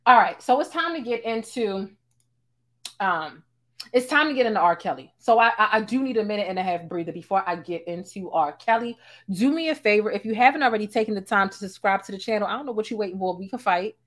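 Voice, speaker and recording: A woman from Baltimore giving casual gossip commentary in a sassy, slangy way, laughing a lot and breaking into loud bursts. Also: medium pitch, expressive, brisk. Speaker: commentary YouTuber.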